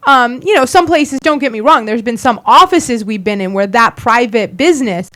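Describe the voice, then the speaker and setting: A chatty woman on talk radio with a slightly high voice. She talks casually and hedges her points with plenty of fillers. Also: animated, moderate pace, fairly bright tone.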